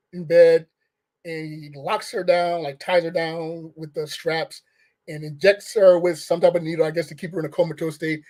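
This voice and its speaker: High-voiced rambling movie reviewer man. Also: darkish tone. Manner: rambling, questioning, with restarts and short laughs. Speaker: film reviewer. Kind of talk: casual rant-style movie review.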